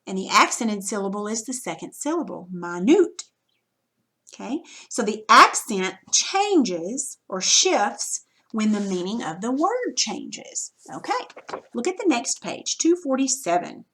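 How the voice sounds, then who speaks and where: A woman's voice: mid-range voice, fairly bright tone. A woman teacher patiently walking students through a recorded reading lesson, step by step, checking in with frequent "okay"s.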